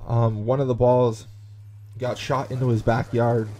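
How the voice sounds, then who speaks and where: A young man narrates a tale over gameplay in a chatty, animated way, leaning on fillers as he goes. His voice is warm and mellow, sitting at an ordinary middle pitch. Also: unhurried. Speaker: gaming YouTuber. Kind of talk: storytelling commentary over gameplay.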